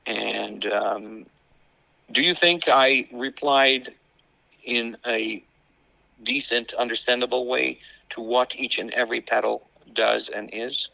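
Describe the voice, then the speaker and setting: A man with an Italian accent, a guest in a casual chat, talking in an animated way. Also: mid-range voice, slow pace, gravelly, no echo, poor audio. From Italy. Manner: animated, acts out family quotes.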